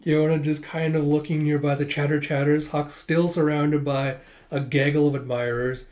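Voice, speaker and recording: A man narrates a manga readthrough in a casual, amused way, tossing in quick asides. His voice sits a touch high for a man. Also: level tone, darkish tone. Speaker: manga reader.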